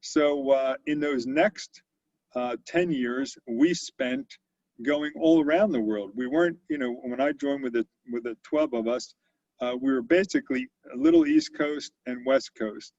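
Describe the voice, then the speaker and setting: An older man spins business stories in an animated way. He often slips into the voices of the people he quotes. His voice is gravelly and sits at a middle pitch. It is recorded dry and sounds dull and lo-fi. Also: a little slow, dry recording. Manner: animated storyteller who acts out quotes. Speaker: company founder and guest speaker. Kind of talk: storytelling interview.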